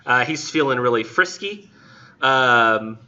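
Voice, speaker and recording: Guy teaching a lit class, super informal, says like a lot, bright voice, sounds kinda muffled. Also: medium pitch, expressive, slow pace. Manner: informal, retells the story with many fillers like "like" and "um". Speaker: literature instructor. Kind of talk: casual classroom lecture. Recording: dull lo-fi classroom recording.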